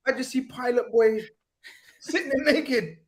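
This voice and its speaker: A man on a football panel with a high voice. He keeps up exasperated, giggly banter with the others. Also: measured pace. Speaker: panel guest. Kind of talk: casual panel show chat.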